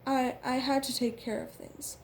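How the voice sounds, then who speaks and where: A woman's voice: high-pitched, fairly even intonation, moderate pace, a little hiss or hum. A woman voicing a grown man who answers curtly and defensively. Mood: tense. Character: adult man, defensive and snappish.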